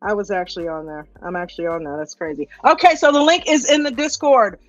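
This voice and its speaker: A woman's voice: mid-range voice, fast talker, dry recording, faint music behind. A woman hosting a casual live stream, upbeat and greeting viewers one by one. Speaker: livestream host. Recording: dull, lo-fi stream audio.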